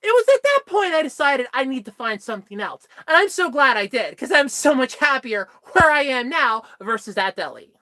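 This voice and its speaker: Young woman, casual vlog storytelling, high pitch, dry close sound. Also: normal speed, hardly any pauses, no room sound. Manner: animated, exasperated retelling. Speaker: vlogger.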